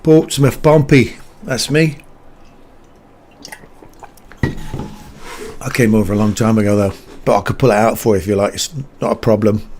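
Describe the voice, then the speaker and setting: A man's voice: fairly low pitch, little pitch movement, brisk, long pauses, darkish tone, slight background noise. A man in his fifties who grew up in England and Canada, casually talking through chart moves and answering chat as host of a live trading stream. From England, raised in Canada. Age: 50s.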